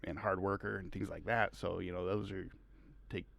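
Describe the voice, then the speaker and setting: A middle-aged man, a high school track coach, telling rambling stories as a podcast guest, laughing often. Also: little pitch movement, normal speed, gravelly, fairly bright tone, no room sound. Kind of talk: casual podcast conversation.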